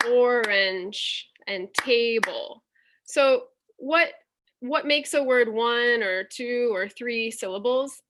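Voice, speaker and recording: A woman with a fairly high, slightly bright voice presents a workshop over a video call, speaking through a computer mic. In this online teaching demonstration, she patiently explains and sounds out vowels step by step.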